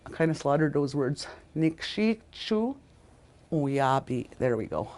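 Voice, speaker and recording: A woman's voice: rumbling low, fast, mellow. A woman teaching a language lesson, repeating each word several times and correcting herself as she goes.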